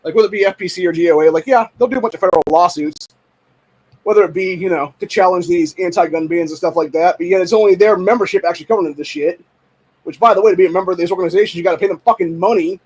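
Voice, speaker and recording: A young man from Ohio hosting a show, ranting angrily and profanely, often shouting. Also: sits high, racing, breathy edge, low-quality recording. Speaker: podcast host. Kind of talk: angry political rant.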